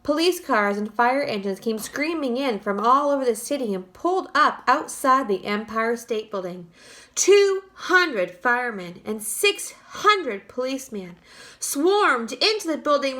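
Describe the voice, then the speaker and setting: Teacher lady reading to little kids, high bouncy voice, bright. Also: unhurried. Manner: lively and expressive, talking to young children. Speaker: third-grade teacher. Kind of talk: read-aloud for children.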